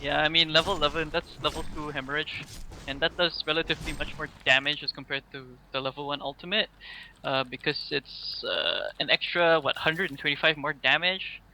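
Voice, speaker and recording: Bright-voiced casual male esports analyst. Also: on the high side, fairly quick, a little hiss or hum, low-quality recording. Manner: casual, rambling analysis with many fillers. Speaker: esports color caster. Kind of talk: esports color commentary.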